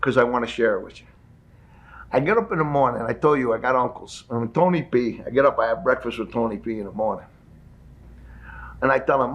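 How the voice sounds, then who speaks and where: Animated storytelling man in his fifties. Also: medium pitch, fairly quick. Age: 50s. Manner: animated, acts out the people in his stories. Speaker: interview guest. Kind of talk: storytelling in an interview. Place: studio.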